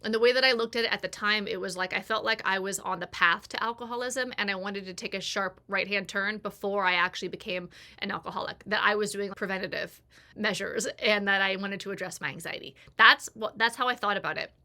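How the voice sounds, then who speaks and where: Bright-voiced woman telling a candid story. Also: mid-range voice, a little fast. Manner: candid, acts out quoted voices in her story. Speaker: personal growth creator. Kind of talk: confessional storytelling.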